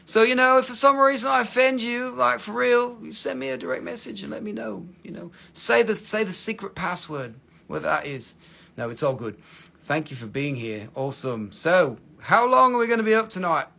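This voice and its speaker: A man's voice: high-pitched, expressive, a little fast, gravelly, sharp tone. A man with an Appalachian accent hosting a casual livestream to sell minerals, joking around and rambling with lots of "you know". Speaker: livestream host selling minerals.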